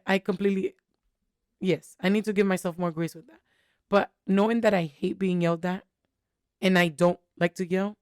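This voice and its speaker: A woman's voice: mid-range voice, a little mellow, no echo, studio quality. A young woman co-hosting a podcast, telling a candid, rambling story full of fillers in casual chat. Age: young adult. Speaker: podcast co-host.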